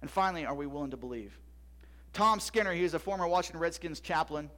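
A man's voice: on the high side, quick pace, sharp tone. A middle-aged man preaching a sermon, asking rhetorical questions with emphasis and sometimes dropping to a whisper. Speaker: pastor.

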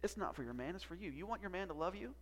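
A man preaching a sermon as pastor, emphatic, with long pauses and drops to a hush. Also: sits high, lively intonation.

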